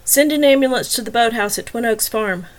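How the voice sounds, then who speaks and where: A woman's voice: on the high side, brisk, pitched above the performer's own voice, natural voice. A woman voicing a male police officer in a narrated story, barking urgent orders into a radio.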